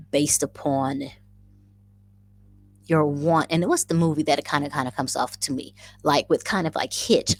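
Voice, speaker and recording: A woman's voice: low-pitched, breathy edge, no echo. A woman hosting a casual livestream, effusively greeting viewers by name and chatting through the comments, often repeating her phrases. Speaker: livestream host.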